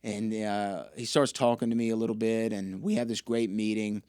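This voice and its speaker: A man's voice: lowish voice, normal speed, clean tone, no echo, clean studio sound. A young man, a podcast guest, telling stories in a casual interview and acting out quoted dialogue. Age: young adult. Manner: animated storyteller who acts out quoted dialogue. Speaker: podcast guest, wrestling ring announcer.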